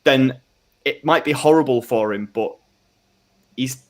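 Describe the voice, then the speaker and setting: A man's voice: medium pitch, measured pace. A man talking football as a fan on a live stream, rambling with many restarts and fillers.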